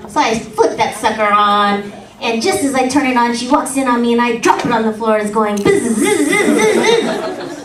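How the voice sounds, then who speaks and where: A woman from the Philippines with a high, squeaky voice, doing a bawdy, playful stand-up set on a comedy club stage. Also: a little fast, recorded from a distance, noisy background. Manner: bawdy, playful, crowd-teasing. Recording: echoey club recorded from afar, crowd laughter.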